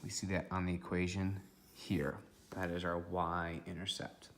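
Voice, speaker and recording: A man with a deep voice explains a math lesson step by step. His tone is bright and forceful, and his delivery stays methodical with frequent check-ins. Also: unhurried, vocal fry, slight background noise. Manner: methodical, steady, checks in with "okay". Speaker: math teacher.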